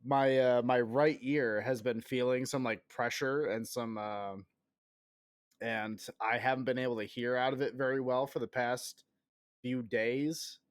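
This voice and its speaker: A man in his thirties talks casually to his stream viewers at a mid-range pitch. He rambles, jokes at his own expense and swears freely, with an occasional cough left over from an illness. The sound is dry, with little room echo. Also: steady tone, measured pace, clear, resonant tone. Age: 30s. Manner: rambling, self-mocking, profane. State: recovering from illness, still coughing. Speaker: game streamer.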